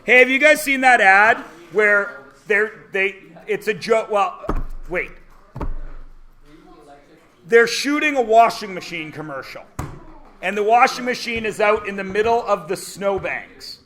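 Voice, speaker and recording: A man teaching a math class, animated and joking, explaining word problems and telling stories to his students. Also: high-pitched, a little slow. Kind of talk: classroom lecture.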